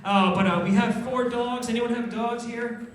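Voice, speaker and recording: A man's voice: very high voice, steady tone, normal speed. A man doing a wry, self-deprecating stand-up set in a small pub, laughing at his own jokes. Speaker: stand-up comedian. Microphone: far handheld camera. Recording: echoey pub from a far camera.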